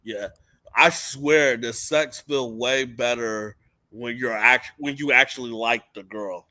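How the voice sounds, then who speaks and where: A man's voice: mid-range voice, slow pace, pushed and bright, dry recording. A young man co-hosting a casual streamed chat, blunt and frank, reading viewer questions aloud. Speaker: co-host.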